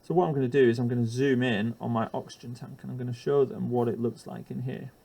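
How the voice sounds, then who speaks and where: A man's voice: mid-range voice, fairly even intonation, fast talker, creaky, warm tone. A man explaining a chemistry lesson for teachers while drawing, hesitant with frequent ums and uhs and the odd self-deprecating aside.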